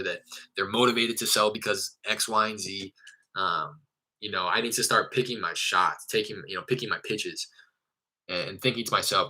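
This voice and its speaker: A man's voice: lowish voice, sharp tone, rough recording. A young adult man talking casually on a vlog about following up with leads, candid and conversational, sometimes acting out his phone calls. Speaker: real estate wholesaler vlogger.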